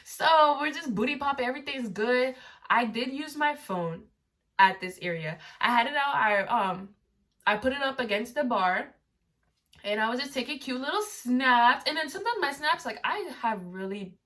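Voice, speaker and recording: A woman's voice: high-pitched, expressive, moderate pace, fairly bright tone. Chatty, rambling woman, distant mic. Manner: rambling, with many asides and fillers. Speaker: vlogger telling a story. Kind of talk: casual storytime chat.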